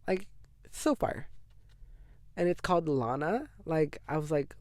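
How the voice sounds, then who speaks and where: A man's voice: on the high side, moderate pace, a little mellow, no room sound, clean studio sound. A nineteen-year-old man hosting a podcast, chatting casually in a gossipy, dramatic way with lots of "like". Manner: gossipy and dramatic, heavy use of "like". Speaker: podcast host. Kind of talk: casual chat.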